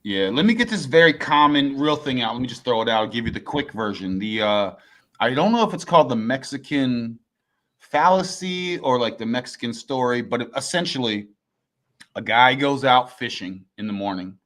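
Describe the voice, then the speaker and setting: A man in a casual conversation, telling a quick anecdote in an animated, chatty way with fillers. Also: medium pitch.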